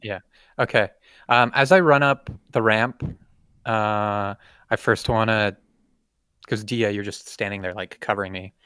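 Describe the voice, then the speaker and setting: A man's voice: lowish voice, steady tone, measured pace, pushed and bright, clean tone, no room sound, studio quality. A man playing a tabletop game, working out his moves hesitantly as he talks. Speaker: player. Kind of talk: casual tabletop game play.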